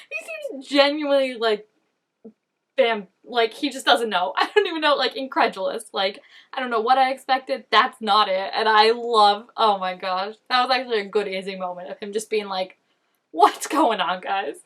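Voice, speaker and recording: A woman in her twenties giving chatty, animated reaction commentary while watching an episode, with lots of "like" fillers. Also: mid-range voice. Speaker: reaction channel host.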